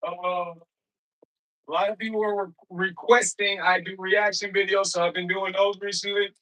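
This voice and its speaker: A man's voice: sits high, level tone, normal speed, sharp tone, poor audio. A man hosting a livestream, chatting casually and loosely with slang, rambling and calling out viewers in the chat by name. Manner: loose, slangy everyday speech. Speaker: livestream host.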